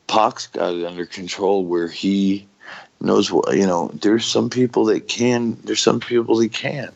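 A middle-aged man with a very low, gravelly voice speaks frankly as an interview guest. His talk is raw and full of swearing, and he breaks off and restarts his sentences often. The recording sounds dull and lo-fi. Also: flat delivery. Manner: raw, profane, halting with many restarts. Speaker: guest, former pro wrestler.

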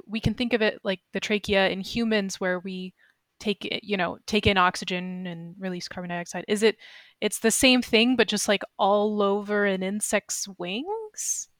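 A woman's voice: medium pitch, no room sound. A woman podcast host asking questions in a thoughtful, slightly hesitant conversational way. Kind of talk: casual interview questions.

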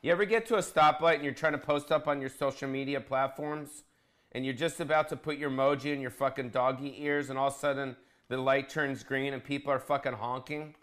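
A man's voice: mid-range voice, fairly even intonation, brisk, fairly bright tone. A man hosting a casual comedic cooking vlog, bossy and profane, teasing his cameraman. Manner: crude, bossy, joking, profane.

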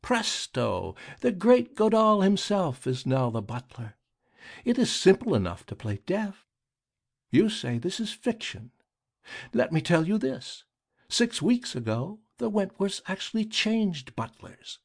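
A man voicing a grim, rasping middle-aged male deputy who questions relentlessly. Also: high voice, sing-song, measured pace, voice pushed up, full character voice. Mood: accusing.

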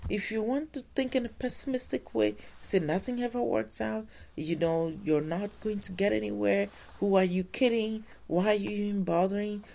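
A woman giving an earnest motivational talk, slowing down to stress her points. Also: mid-range voice, fairly even intonation, creaky, dark tone.

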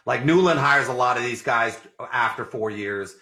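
A man's voice: medium pitch, normal speed, sharp tone, roomy sound. A man co-hosting a comedy radio show, telling rambling stories with restarts. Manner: rambling, self-interrupting storyteller. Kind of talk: casual comedy radio chat.

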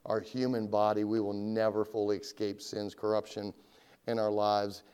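A man preaching a sermon, swinging between loud rising questions and low quiet asides, and reading scripture in a heightened, drawn-out voice. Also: flat delivery, clean tone. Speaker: pastor.

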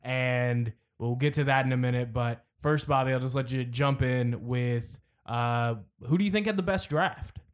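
Male podcast host, mid-pitched, relaxed rambling sports talk. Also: moderate pace, few pauses, clean tone. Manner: relaxed, rambling with fillers and restarts. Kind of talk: casual sports chat.

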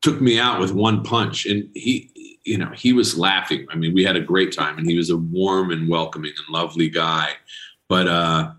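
A man's voice: low-pitched, fairly even intonation, moderate pace, a bit bright. A middle-aged man from New England, a guest actor telling anecdotes in a casual interview, laughing between stories. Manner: anecdotal, laughing, does voices in quotes.

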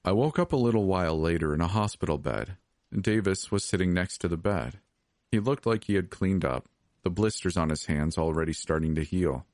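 A man reading a scripted horror story as podcast narrator, steady and measured. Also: low voice, no echo, studio quality.

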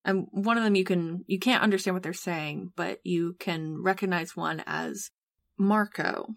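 A woman narrating as game master of a tabletop game, halting and often breaking into laughter. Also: lowish voice, creaky, no echo, studio quality.

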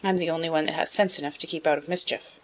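A woman reading a spirited, frank, headstrong young woman in an audiobook, in a brisk, emphatic way. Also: sits low. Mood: wry. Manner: brisk, emphatic, rising to excited outbursts.

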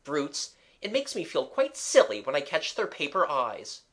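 A reader voicing a bossy, quick-thinking schoolboy giving brisk orders. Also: medium pitch, huge pitch swings, fairly bright tone. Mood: grumbling. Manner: brisk, commanding.

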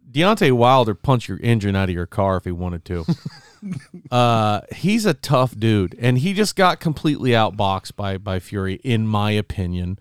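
A man's voice: on the low side, animated, measured pace, clean tone, no echo, clean studio sound. A man co-hosting a casual sports podcast, joking around and slipping into goofy impressions. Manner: jokey, does goofy voices of people. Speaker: podcast co-host. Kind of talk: casual chat.

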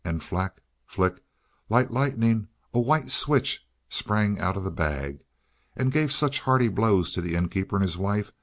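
A man reading a fairy tale aloud in a measured, expressive way. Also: low-pitched. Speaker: audiobook reader.

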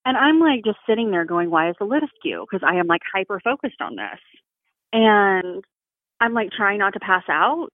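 A woman's voice: medium pitch, expressive, normal speed, no echo. A woman from the South, talking frankly and bluntly, swearing freely as a guest in a casual chat. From Southern United States. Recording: phone-like narrow sound.

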